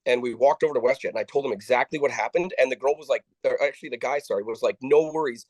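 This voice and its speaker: Man, interview guest; halting, restart-heavy delivery; acts out quoted lines; dry sound. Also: mid-range voice, a little mellow, no room sound, rough recording. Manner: halting, with frequent restarts and repeated words; acts out the dialogue of people he quotes. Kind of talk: conversational storytelling.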